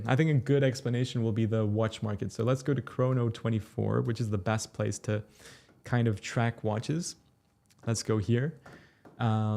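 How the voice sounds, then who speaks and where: Young male crypto streamer from Turkey, mid-pitched voice, easygoing, reads out chat and explains things step by step. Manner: relaxed, chatty, explains step by step. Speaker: crypto livestream host. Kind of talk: casual livestream, reading and answering chat.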